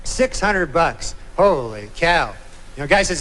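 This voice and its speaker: A man doing a stand-up routine on a comedy club stage, with a drawling deadpan delivery and many "you know?" asides. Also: a little high, unhurried. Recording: live club recording with loud crowd and noise.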